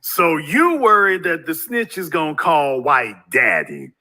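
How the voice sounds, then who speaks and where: A man's voice: fairly high pitch, big pitch swings, a little slow, sharp tone. A man giving a ranting commentary monologue in a preachy way, firing rhetorical questions at his viewers. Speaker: YouTube commentator.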